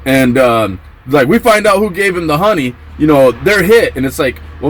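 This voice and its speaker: A man telling a story from his time in prison in a casual vlog, acting out the quotes with excited yelps. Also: medium pitch, moderate pace, few pauses, slight background noise, low-quality recording.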